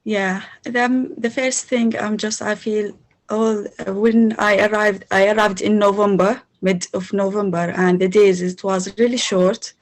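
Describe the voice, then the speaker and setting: Interview guest: woman from Syria, halting English full of pauses. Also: mid-range voice, steady tone. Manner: non-native English, halting, with many pauses and fillers. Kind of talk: casual interview.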